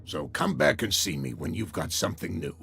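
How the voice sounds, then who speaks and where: An actor playing a gruff, dismissive harbor-town man in a game, speaking slowly in a gravelly voice. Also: low-pitched, sing-song, sharp tone, full character voice. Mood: curt.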